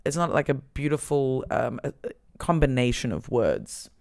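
A man's voice: medium pitch, sing-song, normal speed, vocal fry, darkish tone. A man hosting a casual chat, asking teasing, playful questions.

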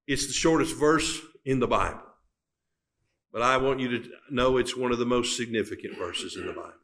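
Man, preacher, sermon, bright tense tone, dramatic pauses, emphatic build-ups. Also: mid-range voice. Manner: reads scripture in old-fashioned wording.

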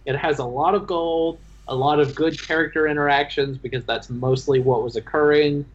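A man's voice: a little high, fairly even intonation. Man recapping his tabletop game, lo-fi. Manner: halting, stumbling restarts, laughs while telling. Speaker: dungeon master. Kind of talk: casual chat about a tabletop game. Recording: dull lo-fi sound.

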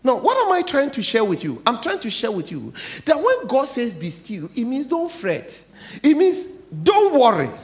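A middle-aged man, a pastor with a Ghanaian English accent, preaching a sermon, swinging from quiet asides to loud declarations. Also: very high voice, wildly swooping pitch, normal speed.

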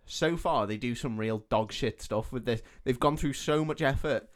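A young man of middle pitch co-hosts a casual film podcast. He backs up his partner with a steady stream of yeahs and drops in blunt, sweary opinions of his own. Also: normal speed. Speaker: podcast co-host. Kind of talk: casual film review chat.

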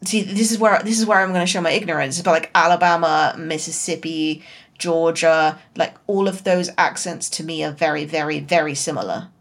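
Woman, not from the us, podcast co-host, lowish voice, chatty, self-deprecating. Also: fairly even intonation, brisk. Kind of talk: casual book-discussion chat.

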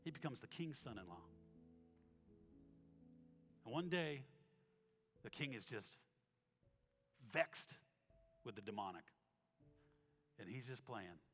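A man preaching a sermon as pastor, telling stories with acted-out quotes and dropping to a soft tone when reading scripture. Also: medium pitch, slow, long pauses. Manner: animated storytelling, acts out quotes, drops to soft tones for scripture. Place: church sanctuary. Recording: reverberant hall with soft instrumental music.

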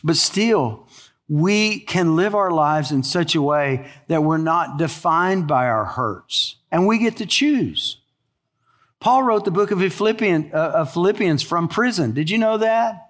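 Male pastor, conversational storyteller, leans hard on key words, high-pitched, long church-hall echo. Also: lively intonation, measured pace. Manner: conversational storytelling preacher with emphatic stretched words. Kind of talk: sermon.

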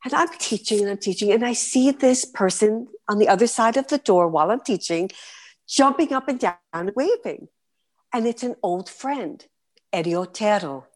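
A woman's voice: mid-range voice, normal speed. A woman in her fifties from New York with a New York accent, a guest performer telling vivid stories in a podcast interview. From New York City. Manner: animated, vivid storyteller.

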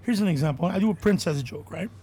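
A male comedian hosts a casual chat and rambles on, profane and quick to laugh. His voice is high for a man and has a husky edge. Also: expressive, dark tone. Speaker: comedian, podcast host.

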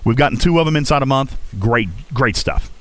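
A man's voice: mid-range voice, expressive, a little fast, dry recording. A man hosting a gaming podcast, talking casually and coaching listeners, often checking in with "okay?". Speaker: podcast host.

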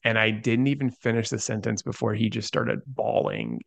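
Earnest man with a gravelly voice. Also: lowish voice, flat delivery, moderate pace, hardly any pauses, fairly bright tone, dry recording. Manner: earnest, many "like" fillers. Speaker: guest. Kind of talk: conversational storytelling.

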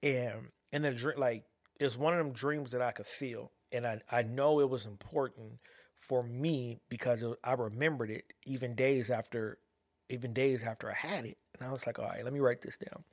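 A man telling a personal story in a halting, reflective way, with many restarts as he searches for words. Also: medium pitch, fairly even intonation, dry recording, clean studio sound. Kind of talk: personal monologue about anxiety and a dream.

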